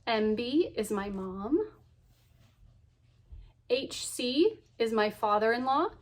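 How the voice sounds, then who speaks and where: In a high-leaning, animated voice, a woman in her thirties talks slowly to the camera about her cross stitch. She's chatty and cheerful, laughing a lot and using plenty of ums and so yeahs.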